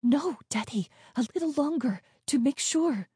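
Woman narrator doing a bossy, protective eleven-year-old girl; higher, urgent commands. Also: expressive, a little slow, dark tone, no room sound, studio quality. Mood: cautious.

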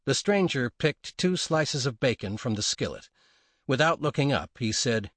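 A man narrating a western novel as an audiobook, reading in an expressive, dramatic way. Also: mid-range voice, normal speed, no room sound.

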